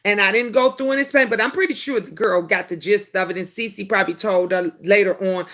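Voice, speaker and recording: A middle-aged woman hosting a casual live chat, answering viewer comments and telling animated family stories. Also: medium pitch, a little fast, hardly any pauses. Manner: animated storytelling, acting out family quotes. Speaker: host of a live chat show.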